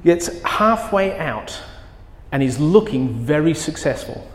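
Pastor preaching in an echoing hall. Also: male voice, on the high side, lively intonation, slow. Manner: storytelling, building to emphatic quoted commands. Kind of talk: sermon. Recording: echoey hall with long reverb.

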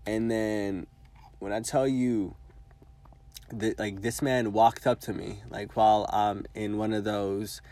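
Young man, casual storytelling, low voice, dry close sound, rambling, swears a lot, lots of filler words. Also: steady tone, slow pace, dark tone, no echo. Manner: rambling, profane, heavy use of filler words. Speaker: vlogger.

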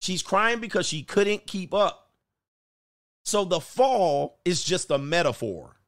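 A man hosting a casual commentary rant, telling stories in an animated way and acting out the voices of the people in them. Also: sits high, takes it slowly. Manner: animated storytelling, acts out voices, laughs often. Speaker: host.

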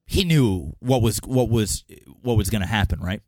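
A man's voice: on the low side, animated, normal speed, darkish tone, no room sound, clean studio sound. A young man and podcast co-host telling a childhood story in casual chat. He swears freely and slips into voices when he quotes people.

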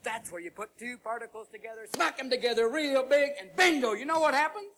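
A man performing a comedy sermon as a manic evangelical preacher, booming and preachy with shouted exclamations. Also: fast. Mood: preaching. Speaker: stand-up comedian. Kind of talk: comic sermon parody. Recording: live show with loud crowd and noise.

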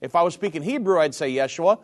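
A man hosting a call-in radio show, explaining points slowly and repeating them. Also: a little high, expressive.

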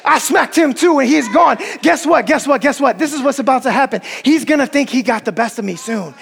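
A man's voice: very high voice, brisk, gravelly, a bit bright, a little hiss or hum, exaggerated voice. A man voicing a triumphant male savior figure who talks in bold, repetitive rallying cries. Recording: long hall reverb.

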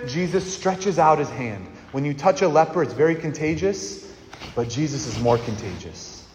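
A man preaching a lively sermon to children, leading them in call-and-response. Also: on the high side, moderate pace, a little hiss or hum. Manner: animated, leads call-and-response shouting. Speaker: priest. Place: church. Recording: echoey church hall.

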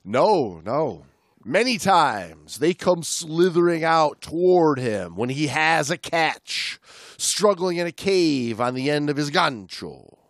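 A man's voice: a little high, animated, takes it slowly, fairly bright tone, dry recording, studio quality. A male podcast co-host chatting casually and reading a story aloud with dramatic emphasis.

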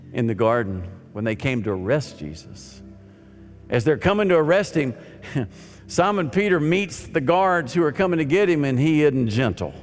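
Man preaching in an echoing hall. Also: mid-range voice. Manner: dramatic, swings from loud emphasis to soft near-whispers. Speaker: pastor. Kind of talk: sermon. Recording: long hall reverb with faint music.

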